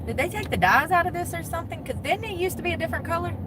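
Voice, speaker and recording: A woman's voice: very high-pitched, expressive, rapid-fire, noisy background. A woman live-streaming from her parked truck on her phone. She chats casually with her viewers, laughs often and greets them by name.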